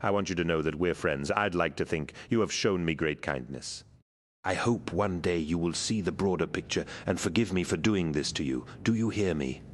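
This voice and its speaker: A man voicing an adult male spy, earnest and regretful, pitched above his own voice. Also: moderate pace. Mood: solemn.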